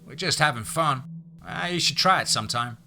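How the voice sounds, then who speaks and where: A rowdy young man in an audiobook teases loosely and loudly, as a man puts him on. His voice is raised a little and very bright. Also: fairly high pitch, fairly quick, voice pushed up. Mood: teasing. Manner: loose, teasing.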